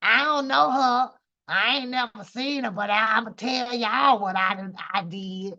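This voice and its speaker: A woman's voice: on the high side, unhurried, bright, forceful tone. A woman hosting a reaction livestream, talking in a drawling, profane, mocking way. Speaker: reaction channel host. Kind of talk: casual livestream commentary. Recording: dull lo-fi home stream audio.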